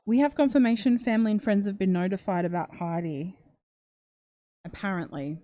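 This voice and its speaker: A woman's voice: medium pitch, brisk, warm tone, dry recording. A woman hosting a true crime livestream in a chatty way, reading out comments and reacting emotionally, gasping and close to tears. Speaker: true crime channel host.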